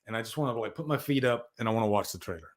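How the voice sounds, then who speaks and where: A man hosting a casual livestream, rambling and animated as he tells stories and reads out chat. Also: mid-range voice, racing. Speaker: livestream host.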